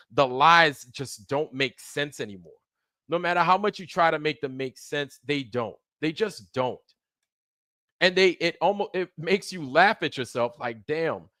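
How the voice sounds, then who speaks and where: A man's voice: on the high side, pushed and bright, no echo, clean studio sound. Fired-up, profane man ranting on stream. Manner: profane, fired-up, emphatic, repeats himself. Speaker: livestream host. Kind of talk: heated ranting commentary.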